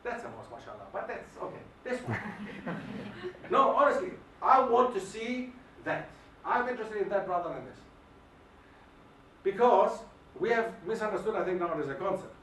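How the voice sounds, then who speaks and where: A man giving an emphatic, animated lecture and firing questions at the audience, recorded in a hall. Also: sits high, moderate pace, a little hiss or hum. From Germany. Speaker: guest lecturer. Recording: echoey hall, mic at a distance.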